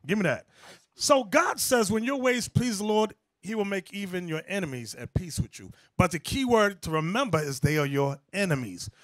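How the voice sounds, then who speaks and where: High, animated preacher man. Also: normal speed, no room sound, clean studio sound. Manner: animated, calls out for scripture, acts out people's reactions. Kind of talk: lively sermon to a class.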